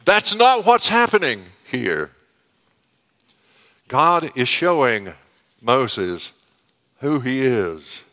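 A man preaching a sermon, slow and deliberate, with dramatic pauses. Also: mid-range voice, big pitch swings, sharp tone. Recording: long reverb of a hall.

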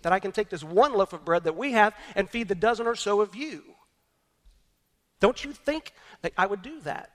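A man's voice: sits high, a bit bright, in a large hall, voice pushed up. A man preaching, voicing an exasperated male teacher who pleads with his followers through rhetorical questions.

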